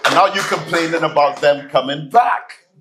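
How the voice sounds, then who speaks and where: A man giving a sermon-style keynote address in a hall, telling stories with lively acted-out voices. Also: on the high side, moderate pace. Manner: animated storytelling, acts out voices in anecdotes. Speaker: keynote speaker, student minister. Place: hall, live audience.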